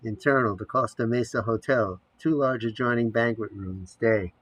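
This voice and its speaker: Man, audio drama narrator, measured, reads stage directions. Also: medium pitch, a bit bright, slightly rough, rough recording.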